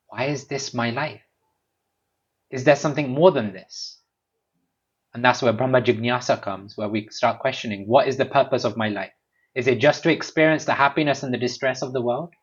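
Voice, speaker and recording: A man giving a devotional talk at a home gathering, animated and lively, sometimes acting out small scenes. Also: mid-range voice, husky. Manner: animated, acts out little scenes with raised voice. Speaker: speaker at a home program. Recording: dull lo-fi recording.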